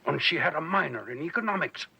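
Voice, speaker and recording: A man's voice: on the high side, expressive, quick pace, vocal fry, bright, forceful tone, breathy edge, full character voice. An actor playing a feeble old German-accented male ex-Nazi professor who pleads and twists the blame. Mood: pleading. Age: older. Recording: dull lo-fi TV audio.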